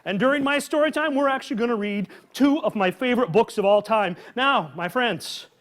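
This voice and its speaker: A man hosting a live children's story time, talking with animated energy and calling out questions for the kids to answer. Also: very high voice, brisk. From Midwest farm upbringing. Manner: animated, call-and-response with children. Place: public library event with a live audience.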